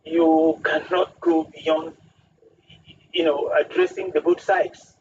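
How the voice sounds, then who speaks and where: A man's voice: a little high, little pitch movement, slow. A man, a guest on a radio talk show, speaking emphatically and using proverbs. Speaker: studio guest. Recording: distant muffled radio studio with hiss.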